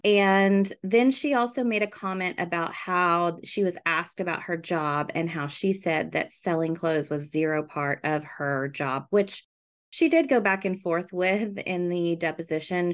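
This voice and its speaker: A woman hosting a podcast, reading a scripted narration in a measured, even way. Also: fairly low pitch. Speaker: podcast host. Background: faint music.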